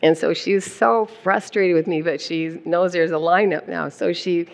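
An older woman telling a personal story on stage with animated delivery and frequent laughter. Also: lowish voice, moderate pace, gravelly. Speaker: guest speaker, founder's wife. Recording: long hall reverb.

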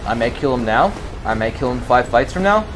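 With music in the background, a gaming commentator speaks fairly quickly and with fairly even intonation while swearing constantly over gameplay. Low, self-calming mutters give way to screamed bursts of rage.

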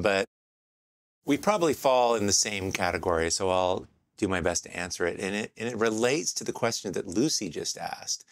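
A man's voice: sits low, fairly bright tone, dry recording. A man hosting a podcast, talking in a reflective, searching way with many fillers and restarts. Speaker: podcast host. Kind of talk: casual podcast talk.

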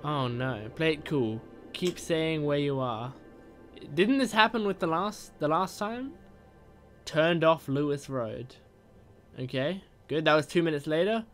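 A gaming host, a man with a somewhat high voice, reacts while he plays. He reads on-screen texts aloud at a slow, drawn-out pace and bursts into shouts at the screen, with faint game music underneath.

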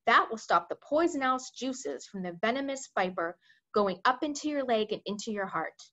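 A woman's voice: a little high, lively intonation, normal speed. A woman voicing a kind, clever male giant who speaks in jumbled, made-up words, read as a storybook. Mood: urgent. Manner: jumbled made-up words, gentle but urgent. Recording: dull lo-fi recording.

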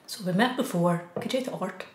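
A woman with an Irish accent teaching a beginner language lesson, saying each phrase slowly, repeating it, then giving the English. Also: medium pitch. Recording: echoey room.

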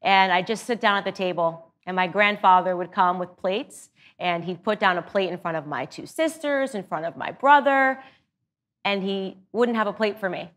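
A woman's voice: mid-range voice, lively intonation, normal speed, a bit bright. A woman hosting her show, telling a personal story in an earnest, emphatic way and drawing a lesson from it. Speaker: show host.

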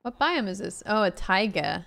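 A woman streamer chatting casually while playing a game with a friend, excitable and quick to laugh. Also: mid-range voice, gravelly. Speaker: gaming streamer. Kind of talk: casual gameplay chat.

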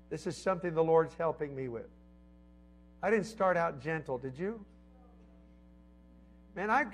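Man, middle-aged, high voice, preaching, lively swings between loud and hushed. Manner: conversational preaching with emphatic swells and soft drops. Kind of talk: sermon.

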